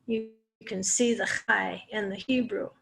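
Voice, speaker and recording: A woman's voice: medium pitch, fairly even intonation, measured pace, vocal fry, background noise. A woman teaching a Torah portion lesson, explaining Hebrew words step by step with small restarts. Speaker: Bible teacher.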